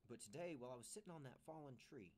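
A man's voice: medium pitch, animated, fast talker, darkish tone, slight background noise, close to an everyday voice. Guy reading as an earnest young girl in a kids' storybook, plain mid voice. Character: girl heroine on a horse hunt.

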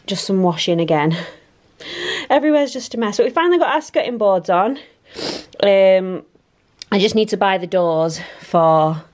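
A woman's voice: on the low side, darkish tone. Chatty mum touring her messy house. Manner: chatty, rambling, self-deprecating. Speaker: vlogger. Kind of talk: casual home vlog chat. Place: family home, indoors.

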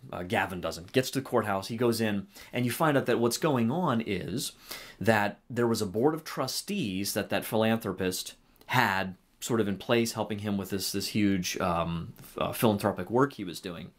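A man with a fairly low voice walks through a movie plot in a casual review, getting animated as he retells scenes. He often stops to correct himself, then moves into a reflection on faith. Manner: animated retelling with a halting, self-correcting flow. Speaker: film reviewer and faith commentator. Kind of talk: casual spoken film review.

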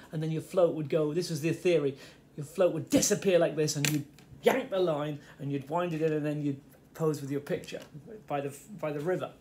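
Faint radio music drifts through the kitchen as a middle-aged man from the Fens, England, tells a meandering, self-interrupting childhood story for his vlog. His slightly high, a little mellow voice moves briskly with fairly even intonation and hardly any pauses, over a little hiss or hum.

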